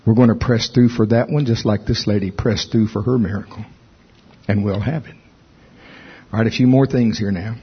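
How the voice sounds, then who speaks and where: A man preaching a sermon with emphatic delivery, rising in pitch when stirred. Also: steady tone, moderate pace, breathy edge, lo-fi sound. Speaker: pastor.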